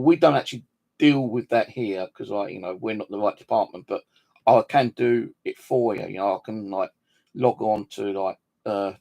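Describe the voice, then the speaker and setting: Man, gravelly, indignant storytelling, swearing, retells conversations. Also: on the low side, a little mellow. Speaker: vlogger. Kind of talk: angry storytelling monologue.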